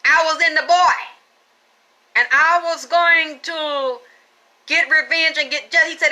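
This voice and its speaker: Bright, high-voiced profane woman storyteller. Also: a little slow, long pauses. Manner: blunt, salty, animated storytelling. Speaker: spiritual reader.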